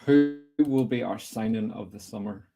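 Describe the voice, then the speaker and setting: A young man hosting a casual football podcast, chatty and opinionated, putting quick-fire questions to his guest. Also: lowish voice, loud music behind the voice. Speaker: host.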